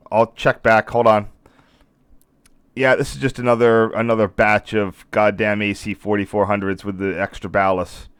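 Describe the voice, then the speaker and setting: A man's voice: fairly low pitch, steady tone, moderate pace, smooth, dry recording, studio quality. A man hosting a live stream in casual commentary, rambling and breaking off mid-thought, apologizing now and then, a little worn in the voice. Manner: rambling, self-interrupting, apologetic. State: losing his voice.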